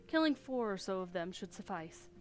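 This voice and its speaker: A woman voicing a brisk, matter-of-fact male camp hand who hands out hunting work, reading game dialogue. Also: medium pitch, sing-song, soft background music, close to an everyday voice.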